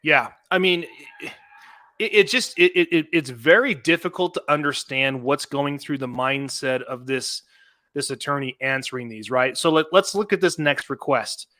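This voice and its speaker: A man hosting a casual podcast talk about a legal case, animated and laughing often, with many restarts. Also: medium pitch, normal speed, no echo, clean studio sound. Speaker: podcast host.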